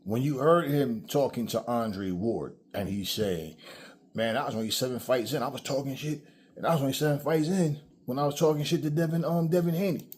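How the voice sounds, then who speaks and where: A man's voice: mid-range voice, fairly quick, a little mellow, breathy edge. A man giving a blunt, profane commentary rant straight to his own camera, preaching at his viewers. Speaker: commentary vlogger. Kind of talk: casual ranting commentary.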